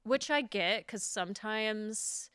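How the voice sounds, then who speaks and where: A woman DJ chatting casually on a podcast, animated and often laughing as she tells stories. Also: medium pitch, slow, clear, resonant tone, dry recording, studio quality. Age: middle-aged. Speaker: DJ and podcast guest. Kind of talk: casual chat. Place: studio.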